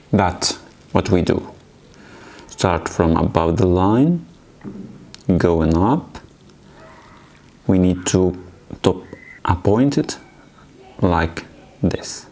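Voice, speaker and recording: Slow, patient male language teacher. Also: deep voice, a little mellow. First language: Arabic. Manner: patient, repeats words slowly and encouragingly. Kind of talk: slow beginner language lesson.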